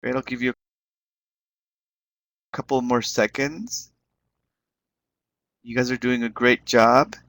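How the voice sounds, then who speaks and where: A man's voice: medium pitch, steady tone, slow, pauses often, a bit bright. A man leading an online teaching webinar, encouraging the class and repeating words as he explains them. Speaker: webinar instructor.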